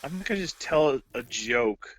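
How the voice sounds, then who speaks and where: A man's voice: mid-range voice, expressive, moderate pace, a bit bright. A man calling in to a live show over the phone, answering with wry, sarcastic, swearing banter. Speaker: caller on the show. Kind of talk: casual crude banter. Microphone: phone line. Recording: muffled phone-line audio.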